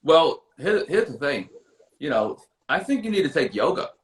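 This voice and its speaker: A man's voice: on the high side, very animated, moderate pace, roomy sound. A man voicing a smug, laid-back male music mogul who lectures in a patronizing, rambling way. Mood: lecturing.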